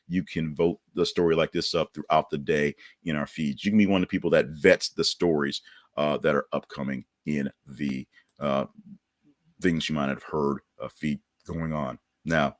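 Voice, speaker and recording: A man with a low, slightly bright voice hosts a podcast, chatting loosely about news stories and reading an ad with lots of fillers and restarts. The studio sound is clean, with no echo.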